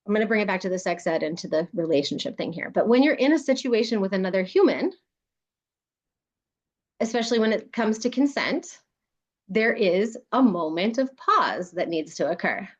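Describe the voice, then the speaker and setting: A woman's voice: medium pitch, animated, moderate pace, muffled recording. Woman coaching a group through an exercise. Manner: warm, coaching, laughs often. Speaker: workshop leader. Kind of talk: guided exercise talk.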